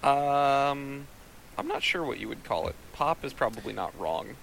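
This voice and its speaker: A man in casual chat, explaining his points in a measured, dryly understated way. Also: mid-range voice, sing-song, vocal fry, a bit bright, a little hiss or hum, rough recording. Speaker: co-host reviewing a movie.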